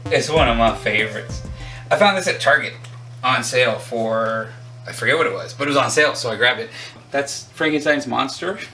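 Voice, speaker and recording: Animated and moderately paced, his mid-range voice comes through a rough, distant recording laid over music. The man, in his forties, casually hosts from a home room with arcade cabinets, enthusiastically showing off his collection, rambling and making fun of himself.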